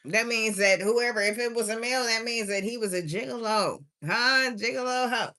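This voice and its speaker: Tired woman tarot reader on a live stream, sing-song and chatty, bright-toned voice. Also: a little high, moderate pace. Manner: chatty, drawling, sing-song refrains, laughs to herself. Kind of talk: casual livestream tarot reading.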